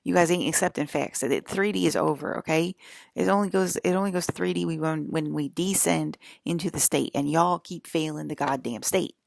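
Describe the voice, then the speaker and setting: Gravelly low-voiced woman ranting on a stream. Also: fairly quick, no room sound. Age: 40s. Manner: angry, profane, scolding her viewers; rambling with frequent restarts. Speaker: livestream channel host. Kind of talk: rambling spiritual livestream monologue.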